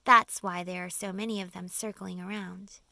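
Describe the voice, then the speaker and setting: A woman voicing a calm, determined young boy in an audiobook, explaining earnestly and steadily. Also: on the low side, moderate pace, creaky, noisy background. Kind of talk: audiobook character voice.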